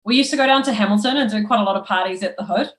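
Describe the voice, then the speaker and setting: A woman's voice: mid-range voice, rapid-fire. A young woman chats loosely on a podcast, spinning a story between laughs and fillers. Her voice sits in a middle range. The room around her rings with echo. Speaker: guest. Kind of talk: casual podcast chat.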